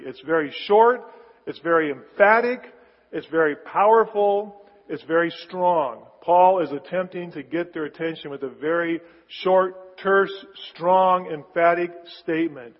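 A man's voice: on the high side, normal speed. A man preaching a sermon as pastor, emphatic, repeating words for stress. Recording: muffled sound in a large reverberant hall.

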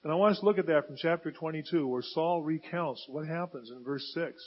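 Male preacher, high husky voice, emphatic sermon delivery, dull lo-fi sound. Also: brisk. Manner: emphatic, rising to loud stressed bursts.

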